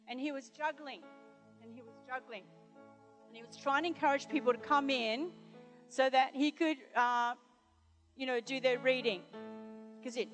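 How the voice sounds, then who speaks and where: A woman's voice: sits high, a bit bright. A middle-aged woman preaching, telling personal stories in a chatty way full of "you know" and restarts. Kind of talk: sermon with personal anecdotes.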